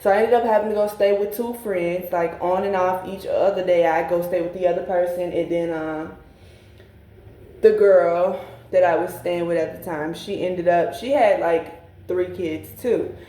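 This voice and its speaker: A woman's voice: fairly low pitch, fairly even intonation, moderate pace, mellow. Blunt young woman telling a storytime. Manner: candid, blunt and profane, addresses viewers as y'all. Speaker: vlogger. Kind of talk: personal storytime. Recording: echoey room.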